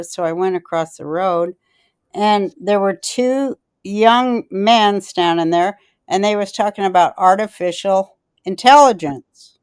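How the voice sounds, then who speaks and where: A woman podcast host tells rambling, profane stories in a smooth, clear voice. The sound is dry and close. She is blunt and drifts off topic. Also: mid-range voice, measured pace, darkish tone, no echo. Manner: rambling, profane and blunt, loses her thread. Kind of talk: casual rambling storytelling chat.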